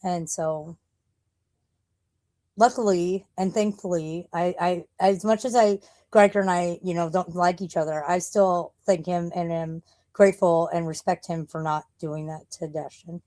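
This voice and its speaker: A woman's voice: lowish voice, steady tone, unhurried, warm tone. Woman streamer just rambling live, crude and blunt, cussing a lot, laughs a bunch. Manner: blunt, profane, laughs often. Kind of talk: casual rambling chat.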